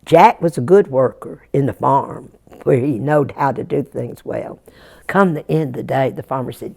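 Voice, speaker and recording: A woman's voice: rumbling low, normal speed, creaky, darkish tone, breathy edge. A woman telling a Jack tale as a folk storyteller, folksy and chuckling, speaking straight to her young listeners.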